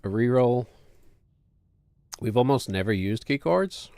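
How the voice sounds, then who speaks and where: Chatty New dad streamer. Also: male voice, medium pitch, lively intonation, measured pace, a little mellow, clear, resonant tone, no room sound, studio quality. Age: middle-aged. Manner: chatty, rambling, upbeat greetings. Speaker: streamer host. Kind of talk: casual gaming stream chat.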